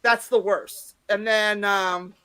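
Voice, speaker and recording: A woman's voice: medium pitch, steady tone, takes it slowly, smooth. Brash, foul-mouthed woman comedian in her fifties. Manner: brash, profane, acts out quotes loudly. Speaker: stand-up comedian, guest. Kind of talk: casual interview storytelling.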